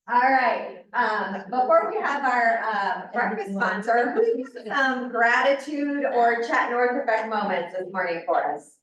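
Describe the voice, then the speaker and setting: A hoarse woman leading a casual team meeting, upbeat and chatty. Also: a little high, animated, slow pace, a bit bright. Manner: upbeat, chatty, laughs often. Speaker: meeting leader. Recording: distant, muffled, echoey room recording.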